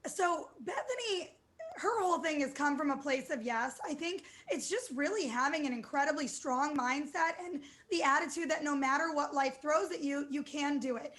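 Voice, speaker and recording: A woman's voice: high voice, moderate pace, fairly bright tone. A woman in her thirties, a DJ and entrepreneur, answering questions in a news interview with upbeat, fluent talk and frequent fillers. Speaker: guest, DJ and entrepreneur.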